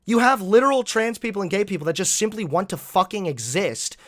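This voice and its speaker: A man hosting reaction commentary, animated, mocking and profane. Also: high-pitched, fairly quick. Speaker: host.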